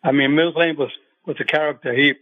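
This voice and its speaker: An older man, a retired boxing referee, speaking as a radio show guest and recalling things in a halting way with many fillers and restarts. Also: fairly high pitch, fairly even intonation. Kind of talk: phone-in radio interview. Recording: tinny phone line.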